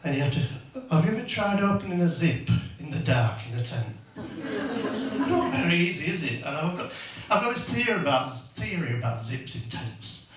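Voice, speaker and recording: Crude comic in echoey club. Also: male voice, high voice, big pitch swings, moderate pace. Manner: crude, rambling family anecdotes with lots of tag questions. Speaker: stand-up comedian. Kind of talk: stand-up comedy routine. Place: comedy club stage. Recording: echoey venue, mic far off.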